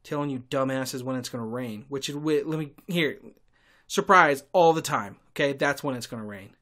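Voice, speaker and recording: A man rants through a solo podcast in a sarcastic, fed-up tone. His voice sits at an ordinary male pitch and now and then bursts out loud. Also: normal speed. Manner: sarcastic, irritable, with sudden loud outbursts. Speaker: podcast host and tour guide. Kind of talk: casual ranting monologue.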